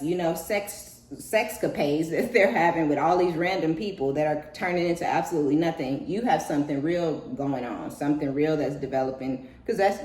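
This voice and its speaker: Profane, animated woman giving a reading. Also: lowish voice, roomy sound. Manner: profane, animated, acts out voices with laughter. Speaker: tarot reader. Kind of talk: casual spiritual reading monologue.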